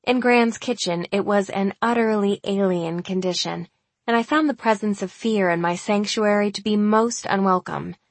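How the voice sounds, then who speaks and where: A woman narrating a first-person novel in a wry, steady way. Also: medium pitch, normal speed, no room sound. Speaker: audiobook narrator.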